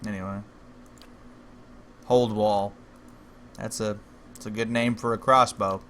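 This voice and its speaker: A man's voice: on the low side, fairly bright tone, a little hiss or hum. Wry, joking man streaming a game. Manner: jokey, wry asides. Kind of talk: livestream gameplay commentary, reading game text aloud.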